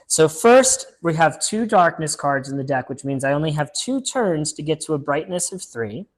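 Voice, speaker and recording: A man's voice: fairly high pitch, sing-song, moderate pace. A man hosting a casual solo board game playthrough, chatting upbeat as he thinks aloud and reads the story text. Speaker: board game channel host.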